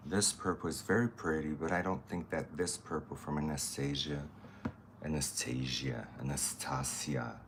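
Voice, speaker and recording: A man's voice: very deep voice, moderate pace, hardly any pauses, noisy background. A man chatting casually while doing a makeup tutorial, thinking aloud as he works and greeting viewers. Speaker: makeup artist.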